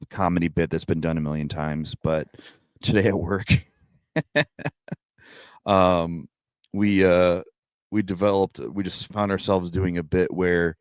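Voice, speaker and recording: A man's voice: deep voice, smooth, dry recording, studio quality. A young adult man hosting a casual livestream hangout, talking in a laid-back, profane way and laughing often. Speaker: livestream host.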